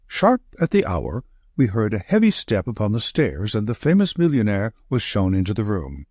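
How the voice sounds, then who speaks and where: A man narrating a classic detective audiobook with steady, expressive delivery. His voice has a husky grain and a lively, rolling pitch, recorded close and dry. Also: moderate pace, dry recording. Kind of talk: scripted narration.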